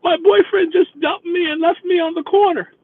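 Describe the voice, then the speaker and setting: A man's voice: extremely high pitch, steady tone, moderate pace, no room sound, pitched above the performer's own voice. A man voicing a heartbroken young woman who sobs and pleads insistently, over a tinny phone-like line. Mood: sobbing, insistent.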